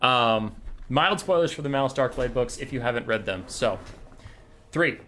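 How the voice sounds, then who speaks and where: A man hosts a casual livestream with a bright, forceful voice and a mid-range pitch. He rambles, swears freely and launches into animated retellings. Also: normal speed. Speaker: streamer and tournament host.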